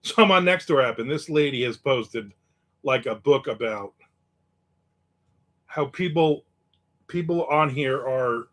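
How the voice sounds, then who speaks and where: A man's voice: mid-range voice, animated, a little slow, pauses often, fairly bright tone. A man hosting a casual live chat, telling stories in a wry, cynical way and reading out viewer comments. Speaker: host.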